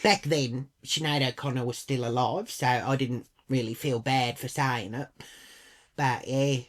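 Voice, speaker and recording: A woman tells a storytime in a blunt, rambling way and swears freely. Her voice sits low and deep for a woman. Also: measured pace. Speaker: vlogger. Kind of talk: storytime vlog.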